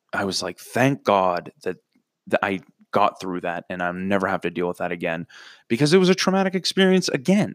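Man, low voice, dry close sound, profane rambling storyteller, self-mocking. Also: fairly bright tone, dry recording. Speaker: comedic storyteller. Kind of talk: crude comedic storytelling.

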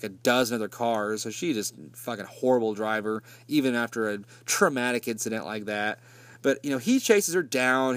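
Man, sarcastic movie recap, lots of swearing, mid-pitched voice, dry close sound. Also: a bit bright, dry recording. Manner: sarcastic and profane, with mocking asides. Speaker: movie reviewer. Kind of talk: casual profane movie recap.

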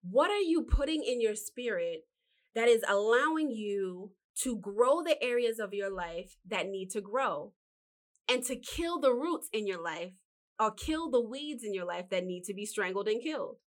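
Casting note: woman in her thirties as a motivational podcast host, fairly high voice, animated and preachy, calls the listener honey. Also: measured pace. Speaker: podcast host giving life advice. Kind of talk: casual motivational talk.

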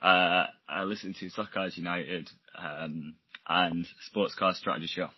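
Male podcast guest, low and husky, easygoing; dull lo-fi recording. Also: steady tone, a little slow. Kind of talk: casual podcast chat. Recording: dull lo-fi sound.

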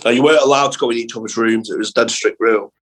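A young man with a husky, slightly breathy voice tells school stories as a comedian guest on a chat podcast. His delivery is animated and loose, peppered with swearing, and sits at an ordinary middle pitch. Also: rapid-fire, low-quality recording. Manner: animated anecdotes, lots of swearing. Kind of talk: casual storytelling chat.

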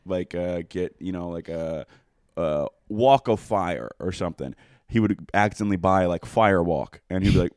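A man's voice: low voice, animated, fairly quick, darkish tone, no room sound, studio quality. A young man telling crude, rambling stories in casual chat, swearing and laughing often.

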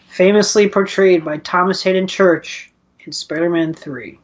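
A man with a New York accent co-hosting a casual podcast, quick and excitable, swearing freely. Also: high-pitched. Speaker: podcast co-host. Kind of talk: casual chat. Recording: slightly dull lo-fi sound.

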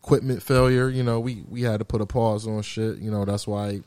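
A man hosting a podcast, talking in a relaxed, rambling way full of "you know" fillers while he wraps up the episode. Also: lowish voice, fairly quick, clean tone, no room sound. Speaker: podcast host. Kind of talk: casual chat.

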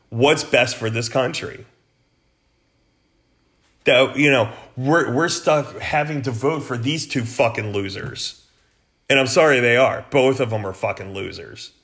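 A man's voice: mid-range voice, measured pace, fairly bright tone. A man hosting a political podcast, delivering an angry, profane rant in a blunt, heated way. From United States.

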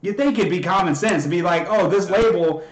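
A man telling a story in casual chat, profane and animated, acting out what everyone said. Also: sits high, brisk, roomy sound. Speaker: podcast co-host.

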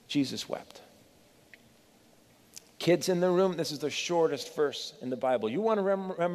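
A middle-aged pastor with a fairly high voice preaches earnestly, pleading with his listeners and leaning on dramatic pauses. His voice rings with the long reverb of a church hall. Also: darkish tone. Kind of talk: sermon.

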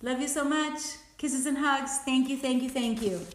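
High-pitched woman host, winded from working out, pep-talking herself, roomy echo. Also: steady tone, normal speed. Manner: upbeat, self-coaching, encouraging. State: out of breath. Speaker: podcast host. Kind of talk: casual motivational chat while exercising.

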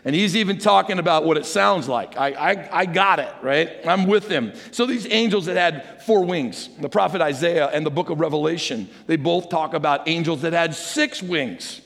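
Guy pastor preaching, chatty and animated, big church hall echo with a long tail. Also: a little high, moderate pace, vocal fry, few pauses. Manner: animated, chatty, asks the congregation questions. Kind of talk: conversational sermon.

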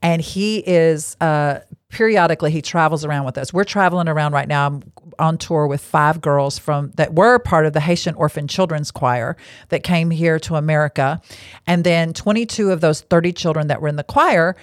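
A low-sitting female voice at normal speed comes through in studio quality with no room sound. The speaker, a podcast host and lay marriage counselor, sits at a table indoors hosting a casual Christian teaching talk, speaking plainly and bottom-line, with chatty asides along the way.

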